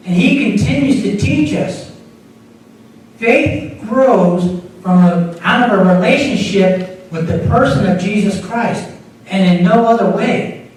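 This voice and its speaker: A man's voice: high voice, darkish tone, a little hiss or hum. A man, an associate pastor, preaching a sermon in a conversational way, with small repeats and restarts. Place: church sanctuary. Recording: echoey room picked up from far off.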